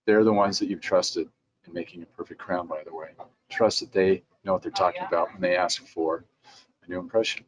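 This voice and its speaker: Speaking low and quickly with a fairly even intonation, a middle-aged dental lab president delivers an instructional talk to dentists. He keeps it conversational and sometimes voices their responses in quotes. Crowd noise can be heard.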